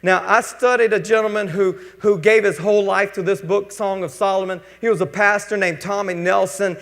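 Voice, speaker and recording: A man with a drawl preaches with folksy, joking energy, his voice sitting unusually high with a gravelly edge. The sound carries long reverb from a church sanctuary. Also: steady tone, moderate pace, a bit bright. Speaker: pastor. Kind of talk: sermon.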